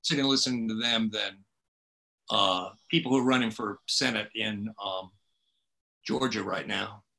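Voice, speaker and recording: Bright-voiced, wry South Carolina man. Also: lowish voice, moderate pace, vocal fry. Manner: wry, folksy, jokey. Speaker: fellow writer interviewing. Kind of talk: casual conversation.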